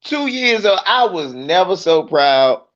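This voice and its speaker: A man telling profane stand-up stories, animated and acting out the people in them. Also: high-pitched, a little slow, lo-fi sound. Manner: profane, animated, mimics voices. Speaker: comedian. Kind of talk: stand-up storytelling.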